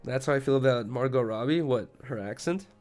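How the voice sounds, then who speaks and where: Brief: American male streamer, mid-pitch, loose and profane late-night chat, light music underneath. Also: brisk, darkish tone. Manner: rambling, profane, laughs easily.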